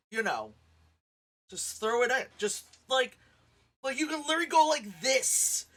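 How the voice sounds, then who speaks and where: A lively woman reviewing a movie in a loose, chatty way. Her pitch swings all over as she reacts, and she laughs a lot. She swears casually and speaks frankly. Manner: animated, laughs often, acts out sounds and lines.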